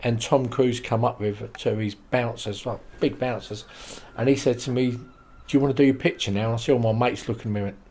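A man, a podcast guest telling lively showbiz stories and quoting the people in them. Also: medium pitch, a little fast, few pauses, a little hiss or hum. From England. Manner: animated anecdotes with quoted voices and laughs. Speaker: interview guest. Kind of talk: casual storytelling.

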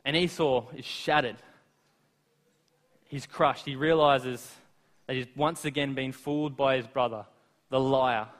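A man preaching a sermon, retelling scripture in lively everyday words with asides to the listeners. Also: mid-range voice, a little slow, long pauses. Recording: long reverb of a large hall.

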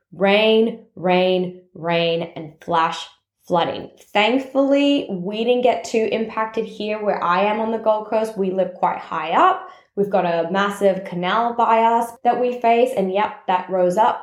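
A woman's voice: medium pitch, roomy sound. A woman hosting her own podcast, talking casually and heartfelt with many "like" fillers. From Australia. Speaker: podcast host. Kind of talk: casual solo podcast talk.

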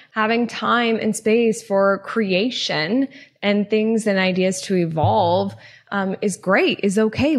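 A woman hosting her own podcast, talking casually and telling a funny story. Her speech is loose and rambling, packed with "like" and the odd swear word, and she laughs at herself along the way. Her voice sits at a middle pitch for a woman. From not from California. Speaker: podcast host.

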